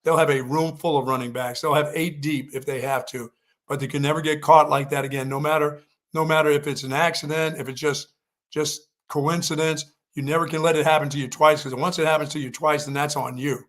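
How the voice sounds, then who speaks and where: Man, sports talk co-host, slightly higher pitch, casual rambling chat, folksy. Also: steady tone, a little fast, fairly bright tone. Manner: rambling, repeats himself, folksy.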